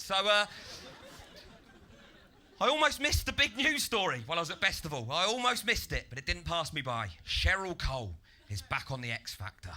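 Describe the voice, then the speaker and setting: A man doing a stand-up comedy set on a comedy club stage into a handheld mic, with deadpan setups that burst into loud, ranting act-outs. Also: fairly high pitch, moderate pace.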